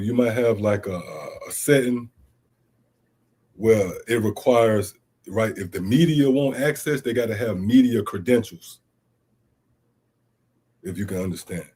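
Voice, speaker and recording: Emphatic Bible teacher with a husky low voice. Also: male voice, mellow. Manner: reads scripture aloud, then explains it emphatically with rhetorical questions; casual street-inflected speech with "man" and "see?". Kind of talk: scripture teaching streamed online.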